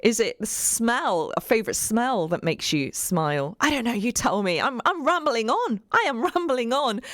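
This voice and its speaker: A woman's voice: mid-range voice, dry recording. A woman hosting a community radio show, chatting in an upbeat, rambling way with many fillers. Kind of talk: casual radio chat.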